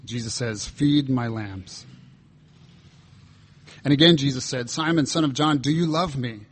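A man's voice: mid-range voice, a little fast, slightly rough. A man pastor preaching a reflective, earnest sermon, reading and voicing scripture dialogue as he explains it.

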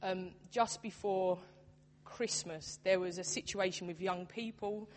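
A woman's voice: mid-range voice, steady tone, measured pace. A young adult woman, a church youth worker, preaching a sermon in an earnest, conversational way. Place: church hall. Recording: long hall reverb.

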